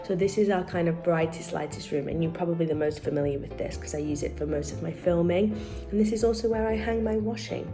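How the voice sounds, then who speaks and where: A woman's voice: on the low side, quick pace, over music. A woman chatting casually to her viewers as she tours her apartment in a vlog. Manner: chatty, upbeat, addresses viewers directly. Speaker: lifestyle vlogger. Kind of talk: casual home-tour vlog.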